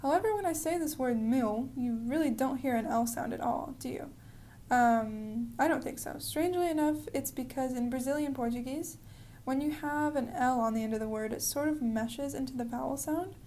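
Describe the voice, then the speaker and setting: A woman giving a pronunciation lesson in a friendly, explanatory way, slowing down to model words. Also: high-pitched, warm tone, slight background noise. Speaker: language teacher.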